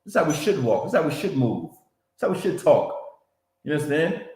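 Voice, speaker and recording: A man's voice: a little high, big pitch swings, fast, a little mellow. A man teaching a Bible class in a preaching style, repeating himself and checking in with "you understand?" and "man.". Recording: roomy echo.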